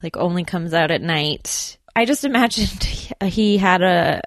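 A woman's voice: on the low side, unhurried, dry recording, clean studio sound. A woman co-hosting a podcast, chatting casually and telling a story with acted-out quotes and frequent laughs. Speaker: podcast co-host. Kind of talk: casual chat.

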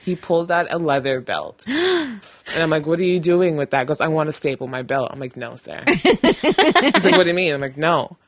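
A woman's voice: deep voice, sing-song, normal speed, no room sound, studio quality. A woman telling a funny work story in casual chat, acting out quotes and laughing often.

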